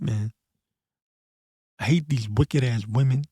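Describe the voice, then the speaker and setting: Male host with a warm, low-toned timbre, blunt and profane in casual talk, reads verses slow and deliberate; dry, close recording. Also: fairly even intonation, dry recording. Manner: blunt and profane, peppers speech with "man"; reads scripture slowly and deliberately. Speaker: host of a prophecy commentary channel. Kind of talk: casual scripture commentary.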